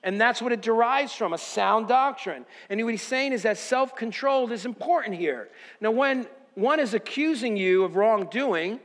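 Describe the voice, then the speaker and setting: A pastor preaching a sermon in a fairly high voice, recorded with a long reverb that rings through the hall. He poses rhetorical questions to his listeners and shifts between fervent exhortation and soft, reflective storytelling. The sound stays roomy and live throughout. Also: animated, normal speed, few pauses. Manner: preaching with rising intensity, then quiet reflective storytelling.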